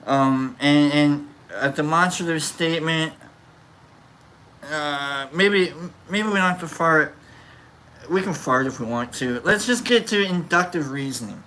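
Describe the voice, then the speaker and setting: A relaxed, jokey teacher walks through a philosophy text out loud, often losing the thread and correcting themselves. The voice is bright and crisp. The pace is slow and unhurried. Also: medium pitch. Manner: rambling, stop-start, many fillers and self-corrections; laid-back and jokey. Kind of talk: casual philosophy lesson, reading from a book.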